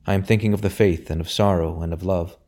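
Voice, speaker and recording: A man reading the lines of a serious, tender young woman in a historical novel audiobook, soft and faltering. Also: deep voice, steady tone, quick pace.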